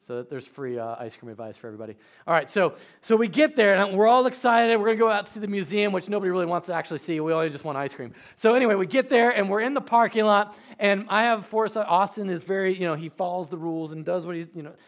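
Animated high-voiced preacher. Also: male voice, fast, vocal fry, hardly any pauses. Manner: animated storytelling, swings from quiet to loud. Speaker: pastor. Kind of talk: sermon.

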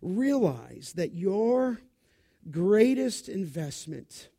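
A man preaching a sermon, with an animated, expressive delivery. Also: a little high.

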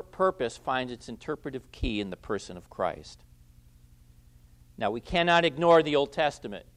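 Emphatic preacher man, mid-pitched. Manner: emphatic, repeats key phrases, swings between loud stresses and quiet endings. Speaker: pastor. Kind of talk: expository sermon.

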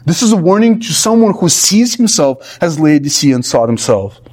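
A man's voice: fairly high pitch, big pitch swings, moderate pace, a little mellow. A male pastor preaching an expository sermon with emphatic, rhythmic lists.

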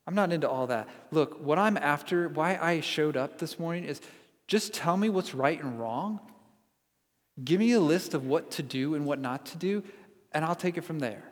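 A man delivering a sermon from the pulpit, his voice pitched a little high. He speaks earnestly and builds to emphatic repeated lines. The sound carries a long reverb from a large church hall. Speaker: pastor.

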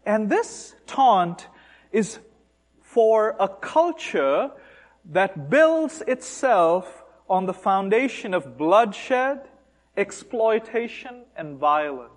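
Male preacher, high and very expressive voice, slow deliberate delivery, animated and mocking. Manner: animated, mocking emphasis on taunts, rhetorical questions. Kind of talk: sermon.

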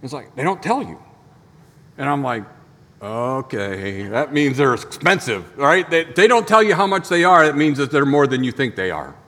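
A man's voice: fairly high pitch, sing-song, a little fast, bright, forceful tone, long reverb tail. A man preaching a sermon as pastor, in a conversational storytelling manner full of rhetorical questions. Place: church sanctuary.

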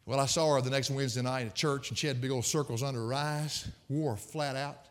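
A male pastor preaching a sermon, an animated, folksy storyteller with humorous asides. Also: medium pitch, brisk. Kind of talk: sermon with personal stories. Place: church sanctuary. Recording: long reverb of a church hall.

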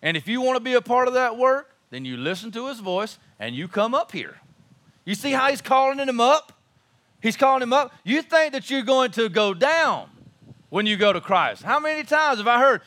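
A man's voice: very high-pitched, animated, normal speed, bright, forceful tone. A man preaching a sermon as pastor, impassioned and emphatic, repeating his phrases for force.

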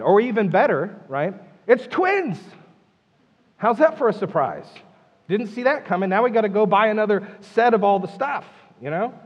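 A man's voice: fairly high pitch, slightly rough, in a large hall, dull audio. A man preaching a sermon, emphatic and full of rhetorical questions. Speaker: pastor.

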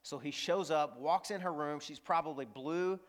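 A man's voice: on the high side, moderate pace. A man preaching a sermon as a pastor. He speaks emphatically and repeats key phrases while he tells stories.

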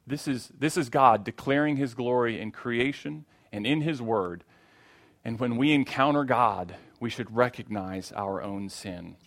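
A man's voice: medium pitch, unhurried. A man preaching a sermon in a church, earnest and repeating key phrases for emphasis.

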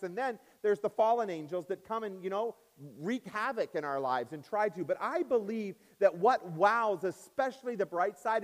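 A man preaching a sermon as pastor in a church, swinging up and down in pitch and loudness and stretching out key words. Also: in a large hall. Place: church sanctuary.

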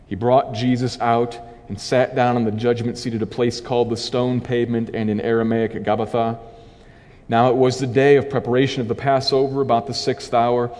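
A man preacher reading a scripture passage aloud and then explaining it as a sermon, in a measured, dramatic voice. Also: mid-range voice, darkish tone, in a large hall.

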